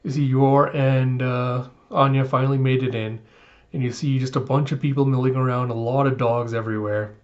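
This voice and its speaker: Excited guy doing a comic chapter review, laughs a lot, kinda muffled audio. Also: medium pitch, fairly quick, echoey room. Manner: enthusiastic, laughs often, retells scenes. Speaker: manga reviewer. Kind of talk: casual reaction and review.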